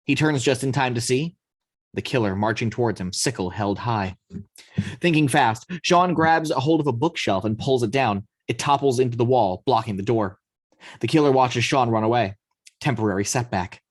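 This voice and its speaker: A man narrating the action lines of a screenplay read-through in a steady storytelling manner. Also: mid-range voice, moderate pace, no echo. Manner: steady storytelling, occasional slips. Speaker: narrator reading action description.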